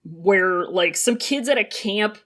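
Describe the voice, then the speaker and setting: A woman's voice: mid-range voice, slow pace, fairly bright tone. A woman co-hosting a podcast in casual chat, rambling and laughing with lots of fillers. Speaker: podcast co-host.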